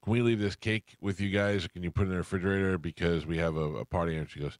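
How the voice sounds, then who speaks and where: Talking fast in a low voice with no echo, a middle-aged radio host spins rambling anecdotes. This is casual storytelling chat, and he performs the quoted voices of the people he describes.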